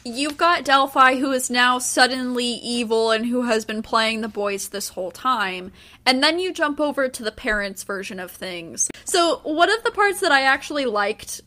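A woman co-hosting a casual book podcast, animatedly retelling scenes and slipping into quick character voices. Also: a little high, bright, forceful tone. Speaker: podcast co-host.

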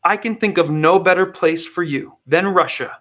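Sarcastic high-voiced male comedy host. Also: normal speed, sharp tone. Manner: mocking, sarcastic. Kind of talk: satirical political commentary.

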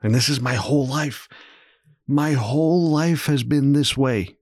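A young man hosting a solo podcast, talking candidly and rambling, swearing freely as he swings between low muttering and animated bursts. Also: a little slow, dry recording, studio quality. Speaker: podcast host.

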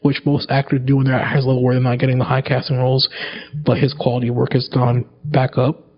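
A man's voice: mid-range voice, monotone, quick pace. A man in casual chat about movie awards, rambling and cutting himself off, reading out lists of nominees. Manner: rambling, self-interrupting, reads nominee lists. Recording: dull lo-fi recording.

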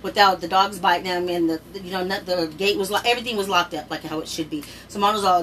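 Fast-talking middle-aged woman telling a story. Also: distant mic, slight background noise, low-quality recording. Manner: animated, jumps high in pitch when quoting people, swears freely. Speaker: storyteller recounting a personal experience. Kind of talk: casual storytelling.

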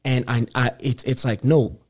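A man's voice: medium pitch, fairly even intonation, normal speed, darkish tone. Earnest man from Queens. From Queens, New York. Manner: earnest, reflective storyteller. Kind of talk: casual conversation.

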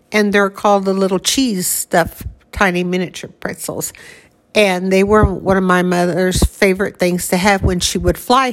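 Older woman, average pitch, fond chatty recollection with frequent laughs. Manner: reminiscing, laughs often. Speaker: grieving daughter recalling her mother. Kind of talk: casual conversation.

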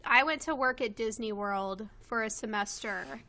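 A woman's voice: a little high, normal speed, crowd noise. A woman in her twenties from Kentucky, chatting casually at home as a guest, with lots of fillers and laughs. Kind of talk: casual chat. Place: home with a loud pet bird.

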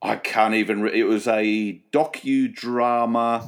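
A man's voice: fairly low pitch, fairly even intonation, a little slow. A man from Australia co-hosting a comedy podcast, dry and self-mocking, easygoing. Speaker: podcast co-host and author. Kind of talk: casual comedy chat.

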